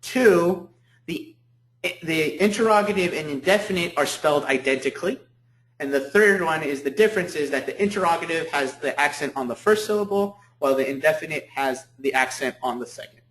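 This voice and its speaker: A man's voice: a little high, a little fast, a bit bright. A man giving a university lecture as professor, repeating key points and checking in with "okay?" often. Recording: echoey room.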